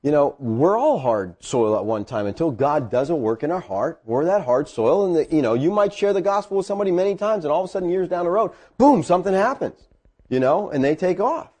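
A middle-aged man, a pastor, telling a personal story in a sermon and rising high when he gets excited. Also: brisk.

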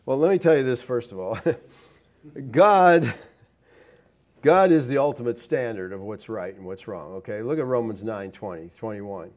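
A man's voice: mid-range voice, moderate pace, a little mellow. A man preaching a sermon, emphatic, with many rhetorical questions and scripture read aloud. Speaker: pastor.

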